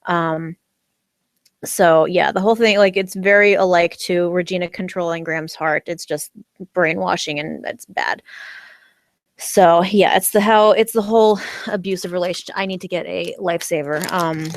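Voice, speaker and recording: A woman's voice: fairly low pitch, steady tone, normal speed, no room sound. A woman from the US chatting casually on a livestream about a TV episode, rambling with lots of fillers and restarts and bursts of giggly enthusiasm, talking around a candy in her mouth. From United States. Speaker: vlogger recapping a TV episode.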